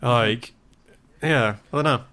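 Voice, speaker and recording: A man as a podcast guest, chatting casually and telling animated anecdotes with some swearing. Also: medium pitch, slow.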